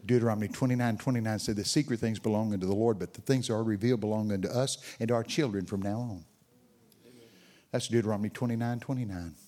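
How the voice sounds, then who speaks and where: Speaking fast in a warm, lowish, steady voice, an older man preaches a sermon as a guest speaker. Along the way he tells stories and talks with members of the audience.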